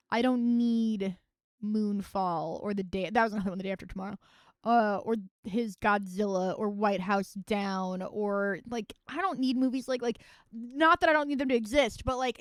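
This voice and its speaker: A woman's voice: fairly high pitch, clean tone, no room sound, studio quality. A young woman streaming live, chatting casually and wryly about films, rambling and swearing freely. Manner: rambling, profane and wry.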